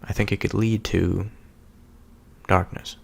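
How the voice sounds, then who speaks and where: A man with a very low, gravelly voice reads scripture and muses over it. His delivery is slow and halting, full of pauses and searching fillers, like someone thinking aloud in a quiet reflection. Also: flat delivery. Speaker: solo speaker reflecting on scripture. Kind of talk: contemplative scripture reading and reflection.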